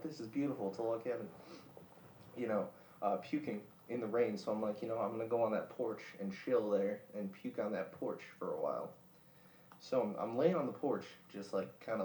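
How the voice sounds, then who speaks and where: A man's voice: lowish voice, darkish tone. Laid-back young man rambling a story. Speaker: podcast host. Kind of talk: casual storytelling chat. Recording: roomy, distant mic with faint noise.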